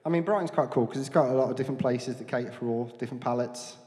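Speaking very fast in a mellow, medium-pitched voice, this Dudley-born comic in his forties works a comedy club with self-deprecating material and crowd banter between jokes. His Black Country accent comes through a handheld mic, and the room leaves a long reverb tail.

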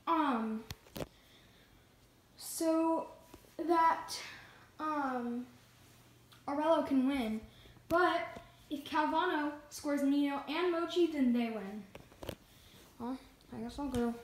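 Playful woman host, high voice, unhurried; halting delivery, echoey room with faint hiss. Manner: halting, with many fillers and restarts. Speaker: host of a toy competition show. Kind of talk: playful hosting of a pretend game show.

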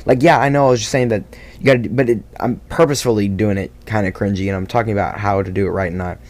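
A man chats casually about his own video in a slightly low voice. He rambles, circles back and stumbles through fillers, sounding critical of his own work. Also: steady tone, quick pace, a little mellow. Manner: rambling, self-critical, many fillers and restarts. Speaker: video creator. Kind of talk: casual behind-the-scenes vlog talk.

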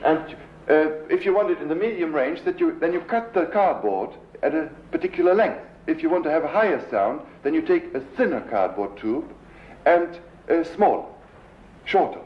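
A man with a German accent giving a live lecture as a composer, pausing to search for English words and imitating sounds with his voice. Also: a little high, lively intonation. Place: lecture hall. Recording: roomy dull 1970s lecture recording with faint hiss.

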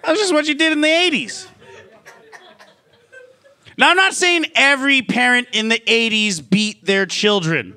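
A man's voice: extremely high pitch, normal speed, long pauses, sharp tone, clear, resonant tone, a faint crowd. A man doing a stand-up comedy routine in a casual, profane style, full of "like" fillers.

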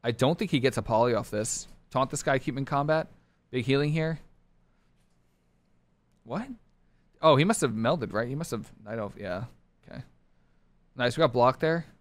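A man streaming a competitive online game live, talking his teammates through the match in short clipped callouts and bursting into excited shouts. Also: mid-range voice, normal speed, pauses often. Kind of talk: live gameplay commentary.

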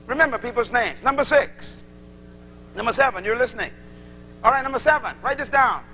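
A Bahamian man preaches to his congregation in an extremely high voice, talking fairly quickly and acting out little dialogues with animation. The low-quality recording carries a slight hiss or hum.

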